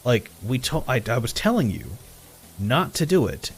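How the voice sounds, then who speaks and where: A man chats casually on a live stream, acting out both sides of an exchange with frequent swearing and chuckles. His pitch swings widely as he talks, and soft music plays behind him. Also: moderate pace, slightly rough. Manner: animated retelling with quoted dialogue, swearing, chuckles. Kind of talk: casual storytelling while gaming.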